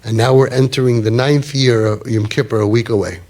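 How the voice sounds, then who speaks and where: A man's voice: mid-range voice, fairly even intonation, brisk, a little mellow. A man in his fifties telling a personal story animatedly, peppered with Yiddish and Hebrew words. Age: 50s. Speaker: storyteller speaker.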